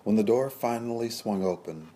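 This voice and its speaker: A man narrating a period story in a measured, descriptive storytelling manner. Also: on the low side, warm tone. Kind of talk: scripted audiobook narration.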